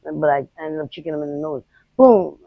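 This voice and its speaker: A woman interviewed outdoors on the street, recounting her experiences in a blunt, unfiltered way with halting restarts. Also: low-pitched, completely flat delivery, dark tone, dry recording, poor audio. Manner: rapid, halting retelling. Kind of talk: candid personal storytelling.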